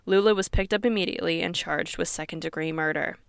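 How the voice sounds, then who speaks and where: A woman with a smooth, clear, slightly low voice narrates a true crime case for a podcast. She reads newspaper quotes aloud in an earnest, conversational way. The recording is dry and close, with no room sound. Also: quick pace, no echo. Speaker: podcast host.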